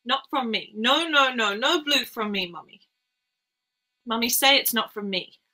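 A woman's voice: fairly low pitch, steady tone, a little slow, bright, forceful tone, heavily acted. A woman voicing a small girl who pleads with her mother in a breathless, tearful way. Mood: pleading.

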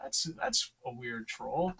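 A man's voice: mid-range voice, big pitch swings, slow, gravelly, sharp tone, breathy edge, distant mic. A young man from New Jersey co-hosting a casual podcast, telling long profane stories in a rambling way. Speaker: podcast co-host.

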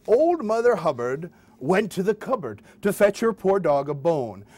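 A man's voice: sits high, sing-song, normal speed, a little mellow. A man performing as a children's puppeteer, telling nursery rhymes in a playful, sing-song way and chatting with his audience. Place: hospital closed-circuit TV studio.

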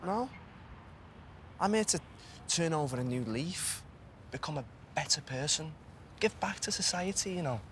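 A cheeky Liverpool lad. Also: male voice, on the high side, lively intonation, moderate pace, long pauses, fairly bright tone, a little hiss or hum. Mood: flirty, teasing. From Liverpool, England. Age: 20s. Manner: teasing, joking. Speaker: lead character. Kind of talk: film drama dialogue.

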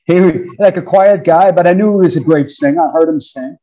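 Male guest in his 50s from New York; high-ish, mellow voice, loose anecdotal delivery. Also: a little fast, highs cut off. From New York, USA. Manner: animated, laughing, slangy. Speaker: drummer, interview guest. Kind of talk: casual storytelling interview.

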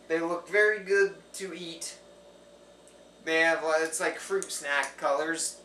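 A man improvising goofy parody ads in a rambling, deadpan way, correcting himself as he goes. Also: a little high, slow pace, far from the mic, slight background noise. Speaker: video creator.

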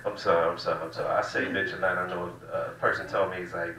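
A man's voice: deep voice, little pitch movement, fast, few pauses, sharp tone. A man from the American South, doing a loose, profane stand-up set in a small cafe room. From Southern United States. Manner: loose, profane, drawling storytelling. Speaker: stand-up comedian. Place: small cafe room used as comedy venue. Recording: roomy room, distant mic, faint hiss.

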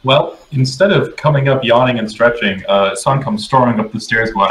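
A male player describes his character's actions in a tabletop game, animated and playful. His voice is bright and sharp, and it echoes in the room. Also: mid-range voice, normal speed, few pauses. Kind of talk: casual tabletop game play.

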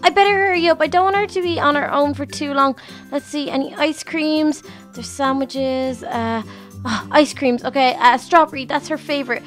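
A woman's voice: high voice, moderate pace, soft background music. A woman host narrating a game role-play in a fretful manner, exclaiming often and talking to herself.

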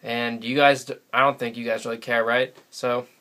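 Bright-voiced rambling New guy. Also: mid-range voice, level tone, moderate pace. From New England, USA. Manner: rambling, chatty, laughs often. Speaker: vlogger. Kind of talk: casual solo vlog. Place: sitting alone in front of a camera. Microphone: camera mic.

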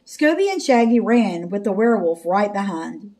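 A woman reading a children's picture book aloud in slow, clear narration. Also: medium pitch, big pitch swings, warm tone. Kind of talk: storybook read-aloud.

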